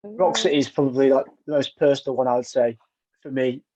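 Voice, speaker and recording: A man's voice: medium pitch, fast, dark tone, dry recording. A young man from a band, chatting casually in an interview and telling stories. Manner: chatty storyteller, uses local slang. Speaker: band member guest. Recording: dry, slightly dull sound.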